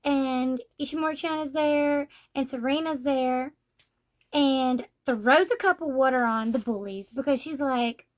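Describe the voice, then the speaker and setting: A woman's voice: high voice, unhurried. A young woman chatting casually through a manga review, filling her talk with "like". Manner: chatty, says "like" often.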